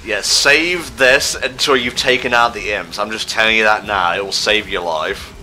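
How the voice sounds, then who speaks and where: A man's voice: lowish voice, moderate pace, bright, forceful tone, slight background noise, poor audio. A man co-hosting gameplay commentary, making wry jokey asides and swearing freely.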